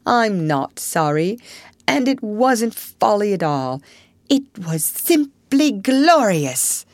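A woman's voice: fairly high pitch, very animated, unhurried, dry recording, studio quality, pitched above the performer's own voice. A woman reading a storybook aloud and voicing a boastful, reckless male toad who speaks emphatically and defiantly. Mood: defiant, gushing.

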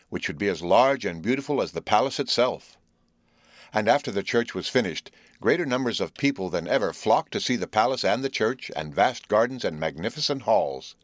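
A man reading a fairy tale aloud as scripted narration, measured and even, lifting his voice a little for the characters. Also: no room sound, clean studio sound. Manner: measured, gently lifts pitch for quoted characters. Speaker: audiobook reader.

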